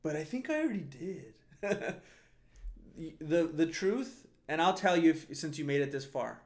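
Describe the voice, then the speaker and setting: A man's voice: on the high side, lively intonation, measured pace. A man hosting a casual solo podcast, rambling and often laughing as he restarts his sentences. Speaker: podcast host.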